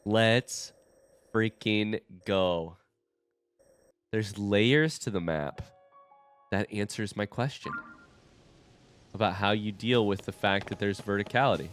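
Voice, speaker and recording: A young man commentating his own blind playthrough of a video game, awestruck and excitable, swearing when surprised. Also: fairly low pitch, measured pace, long pauses, faint music behind. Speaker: gaming streamer. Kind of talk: live gameplay commentary.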